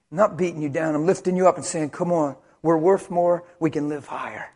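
A man preaching a sermon with passion, swinging from loud, shouted exhortation to quiet, intense speech. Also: high-pitched.

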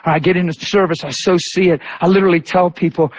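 A male preacher delivering a sermon, telling stories in a lively way and acting out the people he quotes. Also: high-pitched, fast. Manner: animated storytelling with voiced quotes. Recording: dull lo-fi recording.

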